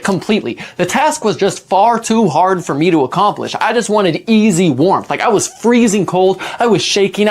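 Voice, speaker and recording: A young man telling a personal story in a casual, rambling way, full of "like" and restarts. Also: high-pitched.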